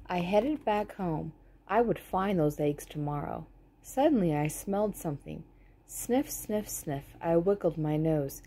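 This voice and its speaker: A woman reads a children's storybook aloud and pauses for gentle, explanatory asides. Her voice is low, mellow and warm, and she takes her time. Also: slight background noise. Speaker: storybook reader.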